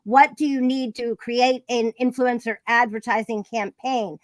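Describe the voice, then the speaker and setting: A woman's voice: fairly high pitch, steady tone, measured pace, dry recording. A woman hosting a live-streamed interview, chatty and effusive, with many fillers and restarts. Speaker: podcast host.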